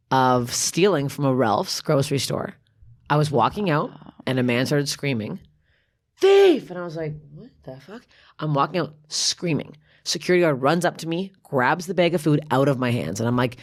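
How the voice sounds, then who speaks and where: A woman comedian in her thirties, a podcast guest, telling a story in casual chat with heavy swearing and animated delivery. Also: sits low.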